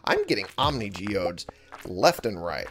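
A man's fairly low, very animated voice carries an unhurried let's-play session. Hosting the gaming video, he talks to himself casually and chattily as he plays, backed by game music.

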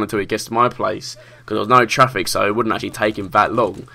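Sweary young South London man, bright voice. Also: lowish voice, fast talker, hardly any pauses. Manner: animated, sweary, slangy. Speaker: vlogger. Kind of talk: casual storytelling.

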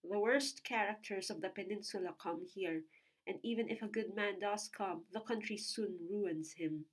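A woman reading the lines of an old soldier, gruff but compassionate, blunt and matter-of-fact. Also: mid-range voice, normal speed, natural voice, poor audio. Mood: grave.

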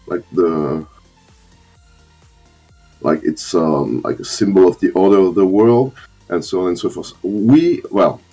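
A man with a French accent, calling into a live stream and talking casually in halting, rambling sentences full of fillers. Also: deep voice, warm tone, husky, soft background music. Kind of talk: casual chat.

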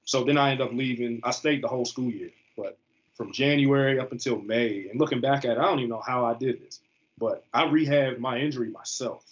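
A man in his thirties from the US East Coast tells his story in a loose, slangy, animated way as an interview guest. His voice sits at a mid pitch and comes through a slightly muffled, lo-fi recording. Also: a little fast. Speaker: guest, football player.

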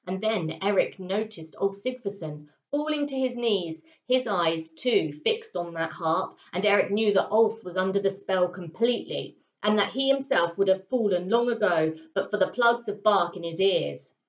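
A woman teacher reads a children's story aloud with expressive, dramatic pauses. Her pitch sits mid-range, and the recording is roomy and slightly dull. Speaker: primary school teacher.

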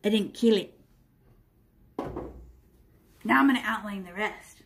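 With a little slight background noise, a middle-aged art teacher speaks in a mid-range voice, a bit slowly, during a live painting lesson for children. She's chatty and playful, narrating every brushstroke as she goes.

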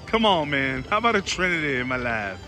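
A man vlogging at slot machines, talking to his viewers with sudden excited outbursts. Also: on the high side, brisk. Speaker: casino vlogger. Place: casino floor. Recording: loud music behind voice. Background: loud casino machine music.

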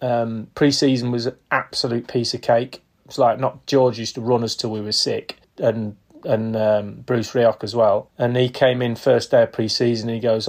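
A man's voice: mid-range voice, moderate pace, hardly any pauses. Man in his fifties telling stories. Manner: lively storyteller who acts out quotes and laughs often. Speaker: podcast guest, retired footballer. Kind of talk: casual anecdotal storytelling.

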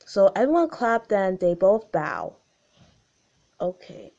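A woman's voice: mid-range voice, big pitch swings, slow pace, a little mellow, muffled recording. A young woman reading aloud a story she wrote as a child, stumbling over words and adding her own comments. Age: young adult.

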